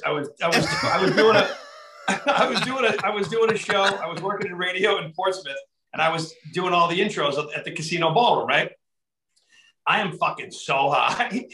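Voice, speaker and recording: High bright excitable male storyteller. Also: reverberant. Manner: excitable, profane, laughing storyteller. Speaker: radio host. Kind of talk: casual storytelling chat.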